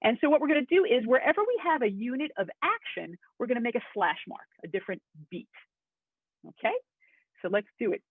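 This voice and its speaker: A woman teaches acting in a webinar lesson, chatty and enthusiastic, making asides to her class. Her voice is a little high, expressive, brisk and husky, with no echo but a tinny, phone-like quality.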